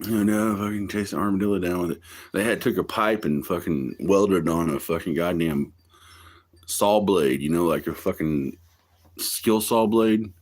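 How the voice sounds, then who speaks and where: A man's voice: low-pitched, moderate pace. A man chatting casually on his livestream, rambling through stories with frequent swearing and laughter. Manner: profane, laughs often, drawling storytelling.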